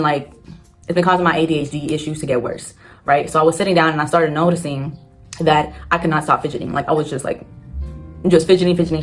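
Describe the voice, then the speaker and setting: A woman vlogging candidly about her reading struggles, swearing freely and talking in long rushing run-ons. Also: sits low. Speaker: booktube vlogger. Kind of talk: casual storytelling vlog. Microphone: phone on a tripod.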